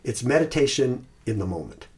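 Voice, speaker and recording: A man in an unhurried podcast chat, speaking at a middle pitch and thinking aloud. He stops and restarts his sentences and sometimes slows down to recite a short phrase word by word. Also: sing-song, a little mellow. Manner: thoughtful, halting, with restarts and slow recited phrases. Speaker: podcast host. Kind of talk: casual podcast chat about Christian meditation.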